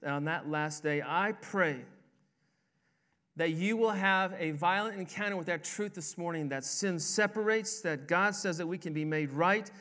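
Guy preaching in church, emphatic ups and downs, slightly higher voice. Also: a little slow, pushed and bright. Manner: emphatic, rising and falling preaching cadence. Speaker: pastor. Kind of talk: sermon.

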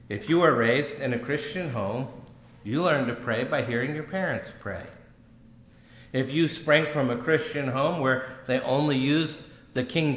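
Man preaching in an echoey church. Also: mid-range voice. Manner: conversational, gently humorous preaching. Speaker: pastor. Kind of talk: sermon. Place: church sanctuary.

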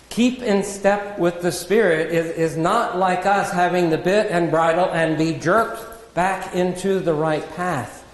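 Unhurried preacher man in echoing hall. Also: high-pitched. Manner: measured, earnest teaching with self-deprecating asides. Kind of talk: sermon. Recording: echoey hall with long reverb.

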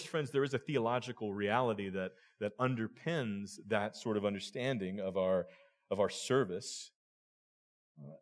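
Earnest man preaching in a lowish voice. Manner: earnest, addresses listeners as friends, repeats words. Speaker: pastor. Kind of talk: sermon.

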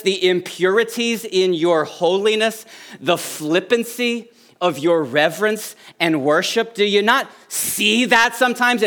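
A man's voice: high-pitched, fairly bright tone. A middle-aged man preaching a sermon as pastor, earnest and lifting his voice on key phrases.

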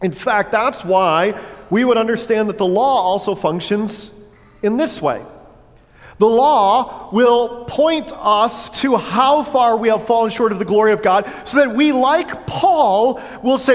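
A pastor preaching a sermon in a church, earnest but breaking into playful asides to the congregation on a wireless mic. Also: male voice, high voice, a little slow. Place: church sanctuary. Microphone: wireless headset or lapel mic with battery pack. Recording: long church hall reverb.

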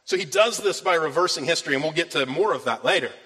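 A man's voice: a little high, animated, quick pace, sharp tone. A man preaching a sermon from scripture, earnest and rising with emphasis on key phrases. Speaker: pastor. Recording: long reverb of a large hall.

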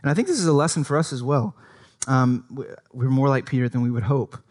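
A man's voice: mid-range voice, fast, darkish tone. A man preaching a sermon in a conversational way, often checking in with his listeners and acting out quoted speech with a livelier voice. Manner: conversational, often adds "right?" to invite agreement. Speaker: pastor.

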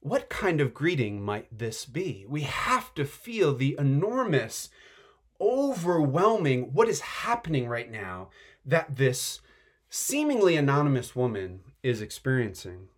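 A man preaching a sermon in a chatty, animated way, often saying "like" and building up excitement. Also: mid-range voice, unhurried, slightly rough. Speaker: pastor. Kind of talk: conversational sermon.

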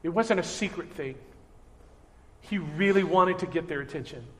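A man preaching a sermon as pastor, earnest and animated, acting out everyday voices. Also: fairly high pitch, normal speed, a little hiss or hum. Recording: reverberant hall.

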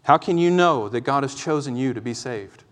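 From the pulpit, a pastor delivers an impassioned, pleading sermon, shifting between loud, urgent exhortation and calmer explanation. His medium-pitched voice is lively in intonation and moves at a moderate pace, with the long reverb of a church hall around it.

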